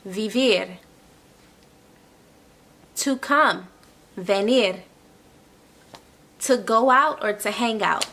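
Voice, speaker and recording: A woman's voice: medium pitch, fairly bright tone. A woman tutoring an online language lesson. She explains step by step, repeats each phrase and keeps checking in with "okay?". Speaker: Spanish tutor.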